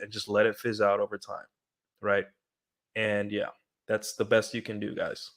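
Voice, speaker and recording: A man's voice: fairly low pitch, level tone, normal speed. A young man talking casually to his stream viewers, giving dating advice in a rambling way, calling them guys and often stopping to say right and you know. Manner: rambling, addresses viewers as guys, many fillers. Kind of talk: casual livestream monologue.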